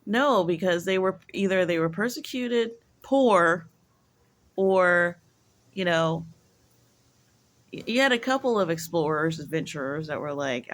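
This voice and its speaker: Speaking at normal speed, this American woman has a lowish voice with lively intonation. In her casual vlog she talks to camera, wandering through her thoughts and saying "like" constantly.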